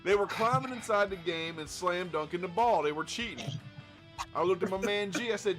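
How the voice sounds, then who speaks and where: A podcast co-host with a fairly high voice tells a story in a loose, profane, animated way. He acts out what people said as he goes. A clear music bed runs behind him. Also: normal speed. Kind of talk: casual storytelling chat.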